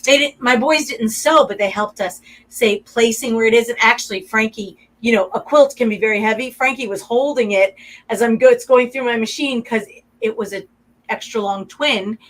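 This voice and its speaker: A woman's voice: on the high side, normal speed, poor audio. A middle-aged woman, a guest artist in a radio interview, talking in a chatty, effusive way and getting emotional.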